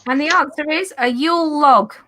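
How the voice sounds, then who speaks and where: Bright high-voiced woman hosting a quiz. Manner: slow, careful reading of questions, laughing at herself. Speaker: quiz host. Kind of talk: casual quiz reading on a group call.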